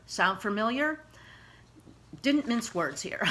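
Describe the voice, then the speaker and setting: A woman's voice: medium pitch, normal speed, bright, forceful tone. A woman activist in casual talk, reading her own letter aloud in a passionate, emphatic way, with frequent fillers and asides. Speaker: animal rights activist vlogger.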